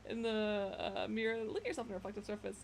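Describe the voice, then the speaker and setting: A young woman livestreams a game with casual commentary, joking, swearing and reading the game text aloud as game music plays underneath. Her mid-range voice is gravelly and a little mellow, she talks fast, and there's a little hiss or hum.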